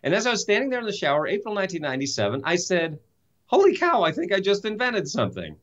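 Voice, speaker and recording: Man, fairly high voice, enthusiastic, emphatic, interview guest storytelling, muffled audio. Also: very fast. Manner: animated, enthusiastic, emphatic, uses rhetorical questions. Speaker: guest, self-help author and speaker.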